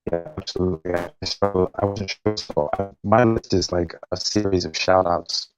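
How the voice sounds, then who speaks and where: A man's voice: low voice, steady tone, normal speed, over music. A man hosting an online boxing stream, welcoming guests and speaking in a self-deprecating way. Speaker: host. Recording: dry, dull lo-fi stream audio.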